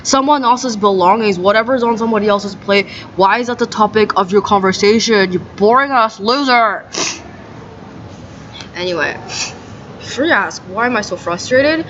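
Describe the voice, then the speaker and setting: A woman's voice: mid-range voice, moderate pace, a bit bright. Young woman vlogger, rambling and exasperated, ranting outdoors on a slightly muffled mic with a faint outdoor hum. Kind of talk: ranting casual monologue. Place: outdoors on grass. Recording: slightly dull sound, faint outdoor ambience.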